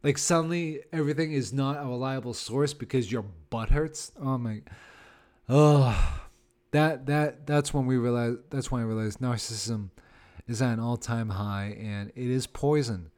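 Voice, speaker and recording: With a darkish tone at medium pitch and normal speed, a man in his thirties rants alone on the podcast he hosts as a comedian. He rambles sarcastically, with lots of fillers and laughing.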